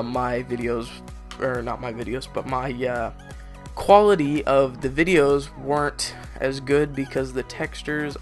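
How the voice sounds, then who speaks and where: Slow-talking young man narrating gameplay. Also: mid-range voice, fairly bright tone. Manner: frustrated, rambling, laughing at lag. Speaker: gameplay commentator. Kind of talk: casual gameplay commentary.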